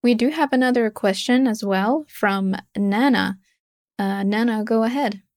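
A woman co-hosting a podcast, reading audience questions from the chat in a clear, even way. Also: on the high side, a little slow.

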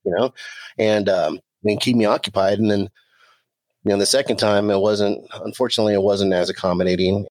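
A man's voice: lowish voice, fast, no echo. A man speaking as a podcast guest, candid and plainspoken in casual conversation.

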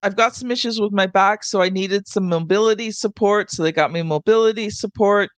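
A woman hosting a podcast, telling a relaxed, chatty story in casual conversation. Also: medium pitch, brisk, no echo. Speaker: podcast host.

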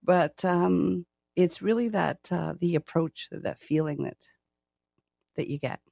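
A woman in her sixties with a Canadian accent talks in a chatty, self-deprecating way, laughing often. Her voice has a gravelly edge. The recording is dry and close. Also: fairly low pitch, slow, dark tone, no room sound. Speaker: guest. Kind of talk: casual interview chat.

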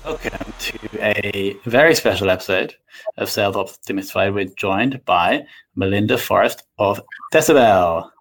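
A man's voice: lowish voice, normal speed, a bit bright, soft background music, rough recording. A man hosting a podcast interview, talking casually with fillers and restarts. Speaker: podcast host.

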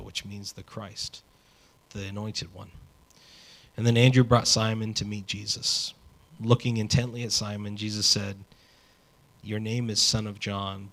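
A man preaching a sermon in a conversational, animated way, with casual asides. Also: on the low side. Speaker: pastor.

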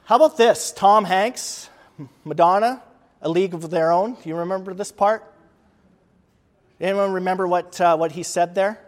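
A man's voice: high voice, normal speed, pauses often. A man giving a conversational leadership lecture to an audience, emphatic and given to repeating words for stress. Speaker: presenter. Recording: long reverb of a large hall.

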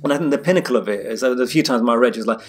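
A man's voice: medium pitch, racing, faint music behind. A man, a doctor, telling a work anecdote in casual chat and acting out the voices of the people in it. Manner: animated, acts out quoted voices. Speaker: doctor, podcast co-host.

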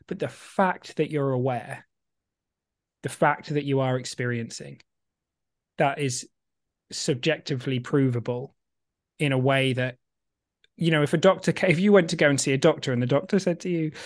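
Animated man explaining on a podcast. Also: medium pitch, no echo, studio quality. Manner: animated, emphatic, casually swearing. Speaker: podcast co-host. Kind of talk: casual explanatory chat.

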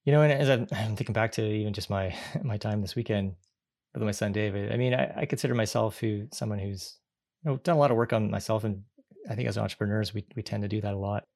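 A man's voice: on the low side, quick pace, creaky, a little mellow. Reflective man in his forties hosting. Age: 40s. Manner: reflective, with frequent restarts. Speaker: podcast host. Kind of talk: conversational interview.

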